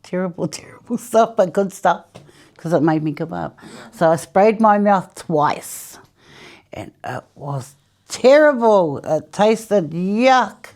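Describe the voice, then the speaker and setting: A woman's voice: lowish voice, expressive, slow pace, a little mellow. A woman from New Zealand, interviewed about quitting smoking, chatty storytelling that laughs often and acts out what people said. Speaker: interviewee, former smoker.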